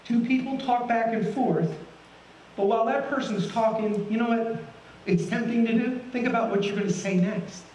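Folksy high-voiced preacher in a roomy church. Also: male voice, normal speed, darkish tone, a little hiss or hum. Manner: folksy, asks the congregation many questions. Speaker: guest pastor. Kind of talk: sermon. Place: church sanctuary. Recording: roomy, from a distance.

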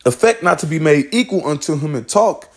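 A man's voice: fairly high pitch, animated, brisk, a little mellow. Loose, profane man teaching scripture. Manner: loose, profane, laughs often. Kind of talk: casual scripture talk.

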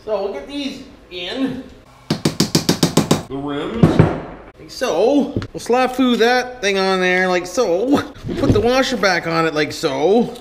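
A man's voice: high voice, animated, slow pace, very noisy. Cursing Canadian man in an echoey workshop. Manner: chatty, cursing, calls viewers 'boys'. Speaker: vlogger. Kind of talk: casual workshop vlog, talking to viewers.

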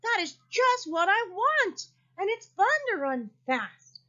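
A woman voicing an excitable male armadillo who tells tales, exclaiming in a high voice. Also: a little fast, exaggerated voice. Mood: excited. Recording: dull lo-fi recording.

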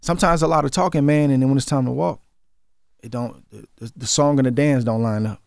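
This Oakland-born former boxer, in his forties with a Bay Area accent, speaks briskly at medium pitch with a steady, slightly mellow tone and some vocal fry. Sitting in as a guest for a casual radio interview, he's earnest and tends to repeat words while working toward his point. The studio mic picks up no room sound.

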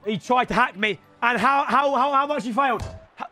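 A young man with a British accent giving excitable, shouty live commentary on his football game as a streamer, bantering with chat. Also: extremely high pitch, fairly quick, soft background music. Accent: British English. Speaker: gaming streamer.

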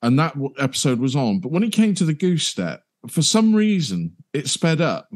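A man's voice: fairly high pitch, very animated, normal speed. A British man on a podcast, telling a story with fond enthusiasm in casual chat. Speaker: podcast guest.

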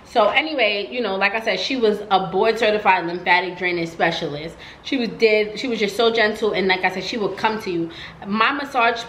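A woman vlogger chats through a storytime in a casual, animated way, leaning on "like" as she goes. Her voice is bright and forceful. The sound has a roomy echo with a faint hum behind it. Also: mid-range voice. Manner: chatty, animated, heavy use of "like".

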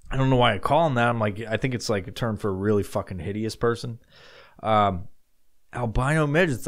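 A man hosting a casual solo podcast, rambling and swearing as he answers listener questions. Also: medium pitch. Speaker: podcast host.

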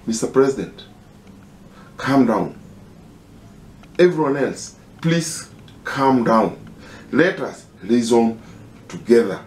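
A man with a Kenyan accent making an impassioned, halting personal appeal, pleading and repeating himself. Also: medium pitch, a little mellow, roomy sound, a little hiss or hum. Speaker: concerned citizen.

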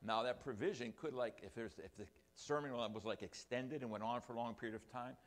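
A man's voice: mid-range voice, fairly quick. An older man preaching a sermon to his congregation, with rambling, self-deprecating asides. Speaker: pastor. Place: church sanctuary.

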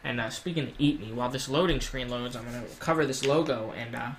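A man talks through his gameplay in a loose, rambling way, cursing freely and slipping into heated rants. His pitch sits in an ordinary middle range. A faint hum of noise runs underneath. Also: quick pace. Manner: rambling, profane, ranting. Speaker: gaming YouTuber. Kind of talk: casual gameplay commentary.

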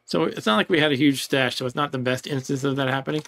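A man in a mid-pitched voice chats his way through a retro game playthrough. He rambles in a relaxed way, chuckles at the game's oddities and reads its text aloud as he goes. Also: quick pace, vocal fry. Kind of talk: casual let's-play commentary.

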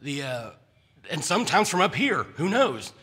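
A man's voice: fairly high pitch, big pitch swings, normal speed, pushed and bright, husky. A man preaching a conversational sermon in a church, often stumbling and restarting his words.

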